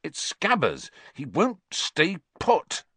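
A man's voice: on the high side, huge pitch swings, takes it slowly, a bit bright, husky, no echo, pitched above the performer's own voice, full character voice. A man voicing a flustered, exasperated teenage boy, speaking in raised outbursts. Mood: frantic.

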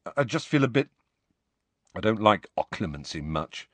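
A man voicing a troubled teenage boy wizard in an audiobook, speaking in a hushed, urgent and shaky way. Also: fairly low pitch, big pitch swings, normal speed, no echo. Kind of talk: audiobook character voice.

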